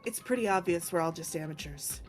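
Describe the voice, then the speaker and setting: A woman voicing a calm, eerie teenage boy in a fan voice-over of a game, speaking softly and deliberately. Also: on the low side, faint music behind, voice pushed down, lightly acted.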